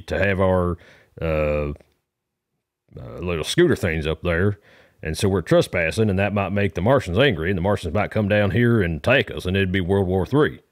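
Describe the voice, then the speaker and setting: A man's voice: deep voice, dry recording, studio quality. A man calling in to a comedy podcast, telling a meandering story in a folksy manner with rural grammar. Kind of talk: rambling comic monologue.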